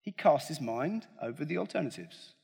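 A male preacher giving a chatty, humorous sermon with a slightly husky voice that swings widely in pitch. He speaks from a large hall, and a long reverb trails his words. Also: lively intonation, moderate pace, darkish tone. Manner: conversational, joking, addresses the congregation directly.

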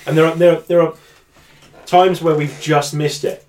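A man co-hosting a casual gaming podcast, relaxed, with lines that trail off quietly. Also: a little high, moderate pace, far from the mic. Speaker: podcast co-host.

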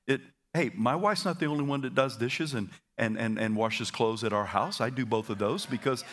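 A man preaching a sermon to his congregation, energetic and having them repeat phrases back to him, with stammered repeats and quick asides. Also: mid-range voice. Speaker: pastor. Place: church auditorium.

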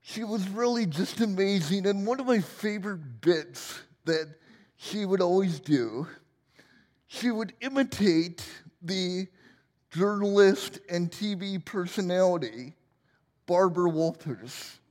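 A man's voice: sits high, expressive, slow, a little mellow, long reverb tail. A man in his forties preaching a sermon in a church, joking and self-deprecating as he tells stories. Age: 40s. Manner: humorous, self-deprecating storytelling. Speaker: pastor. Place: church sanctuary.

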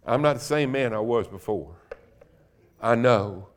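A middle-aged man, a guest preacher in a church, telling his own conversion story and building to loud, emphatic preaching. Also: mid-range voice, lively intonation, unhurried. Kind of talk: sermon. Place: church sanctuary.

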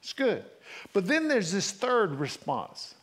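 A man preaching a sermon. His voice sits a little high for a man and talks straight to the congregation with questions. It swings between raised emphasis and low, hushed passages. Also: wildly swooping pitch, takes it slowly. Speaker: pastor.

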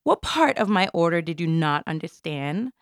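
A woman voicing a demanding, rude female diner customer with a sharp, scolding manner. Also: on the low side, sing-song, normal speed, clean tone, no room sound, studio quality.

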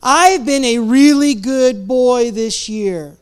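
A man's voice: very high voice, takes it slowly, clean tone. A man voicing a young boy who writes a letter to God, told in a storytelling sermon. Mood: earnest.

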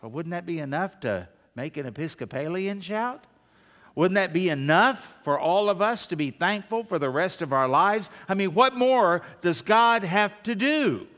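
A male pastor delivers a lively sermon in a fairly high voice. He drifts into half-sung hymn lines now and then. His words trail off into the long reverb of a big church hall. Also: moderate pace. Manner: animated preaching, half-singing hymn lines.

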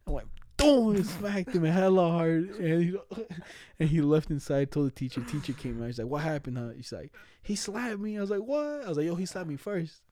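A man's voice: a little high, brisk, few pauses, warm tone. A young man telling funny childhood stories in casual chat, full of slang and laughter, acting out the voices of people in them.

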